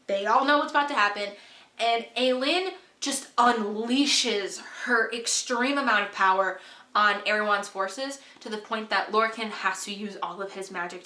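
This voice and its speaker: A woman with a fairly high, bright voice recaps a book for her vlog, gushing and rambling with lots of "like"s. She sinks into a hushed tone at the dramatic parts. The recording has a roomy echo. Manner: excitable, gushing, rambling with many "like"s; drops to a hushed low voice for dramatic moments. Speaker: book vlogger.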